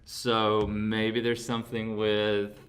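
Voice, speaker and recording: A young man with a somewhat low voice, co-hosting a podcast in a relaxed, casual way. He hedges often and talks himself around in circles. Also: takes it slowly, clean tone. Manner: relaxed, hedging, self-deprecating. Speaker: podcast co-host. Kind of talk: casual chat.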